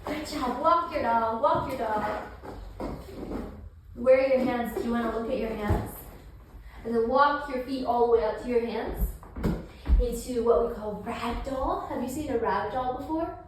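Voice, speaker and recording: A mother leading a children's yoga session speaks slowly in a slightly high voice and keeps her tone playful and encouraging, imitating animal sounds along the way. She is picked up from across a very echoey room, with faint noise underneath. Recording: very echoey room, mic at a distance.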